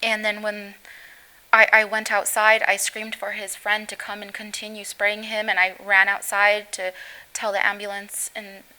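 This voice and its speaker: A middle-aged woman telling an interviewer about the day her son was hurt. Her bright voice stays on an even, flat pitch, and her sentences halt and break off as she tries to hold herself together. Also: low-quality recording. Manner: halting, voice breaking as she recounts. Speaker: guest, mother of injured teen. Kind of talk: emotional recounting in interview.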